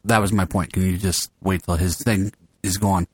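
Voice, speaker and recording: A man's voice: low-pitched, flat delivery, moderate pace, slightly rough, no echo. A man hosting a podcast table read, joking and laughing a lot as he talks through retakes. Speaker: podcast host. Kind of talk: casual table read with banter.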